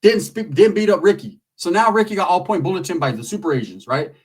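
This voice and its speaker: A man's voice: high voice, lively intonation, fast talker, husky, distant mic. A man telling a long comic story in casual, streetwise, profane talk.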